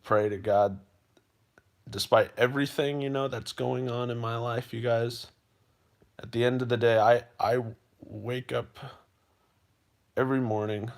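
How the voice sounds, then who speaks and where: With a mid-range, steady voice that's a little slow and has vocal fry, he pauses often while livestreaming. His heartfelt monologue is earnest and emotional, full of repetition and frequent "you guys" aimed at his viewers.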